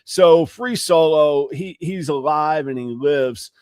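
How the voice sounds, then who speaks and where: Dry, higher-voiced man chatting. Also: slow, clean tone, no room sound. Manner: animated, rambling storyteller. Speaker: podcast co-host. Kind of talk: casual chat.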